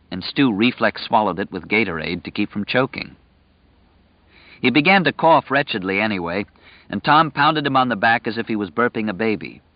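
Male audiobook narrator, fairly low voice, measured reading, dull dry recording. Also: no echo. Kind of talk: scripted narration.

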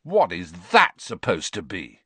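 A man's voice: on the low side, wildly swooping pitch, a little slow, fairly bright tone, husky, dry recording, exaggerated voice. A man voicing a casual, blunt teenage boy who talks offhandedly. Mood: offhand.

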